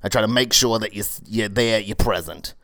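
A brash woman in her forties who runs a struggling cold-yoga studio, voiced by a man without much change to his own voice rambles through a comedy monologue. The voice sits fairly low and is recorded dry, with no room sound. She stumbles over "uh" and "you know" and drops crude remarks in a flat, matter-of-fact way. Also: fairly quick, dry recording. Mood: rambling.

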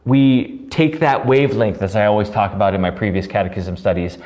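A man teaching catechism as a pastor, preaching with passion, at times rising almost to a yell and then dropping quietly, recorded live on his own with no audience present. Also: on the low side, brisk. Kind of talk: recorded live Bible study sermon.

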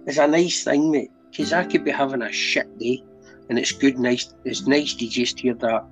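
A man's voice: medium pitch, steady tone, normal speed. A middle-aged Scottish man, a podcast guest telling his story in earnest, casual talk, always asking if you know what he means. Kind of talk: candid conversational storytelling. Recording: dull lo-fi audio with faint music.

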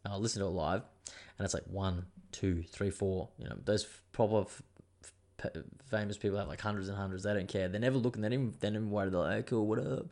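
A young man with a somewhat low voice talks through a loose, wandering monologue as host of his own show. He drifts off topic often and swears without a second thought. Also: fairly even intonation, fast, a little mellow. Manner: rambling, digressive, swears freely. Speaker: podcast host. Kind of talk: casual monologue.

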